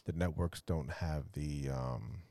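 A man's voice: a bass voice, slow, warm tone, no echo, studio quality. A man co-hosting a podcast in casual chat, mostly agreeing with short replies. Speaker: podcast co-host.

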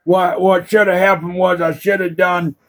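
A man telling crude stories on a comedy podcast in a deadpan way. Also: sits high, moderate pace.

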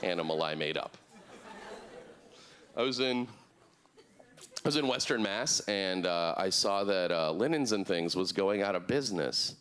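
Deadpan stand-up comedian man. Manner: deadpan, absurd, with quick jumps to a high voice for quoted people. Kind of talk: stand-up routine. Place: comedy club stage before a live audience.

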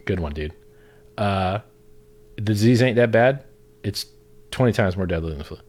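A man's voice: sits low, fairly quick, a little mellow, breathy edge. A man ranting angrily on a livestream, profane and sarcastic, mocking other people's views in a raised mimicking voice.

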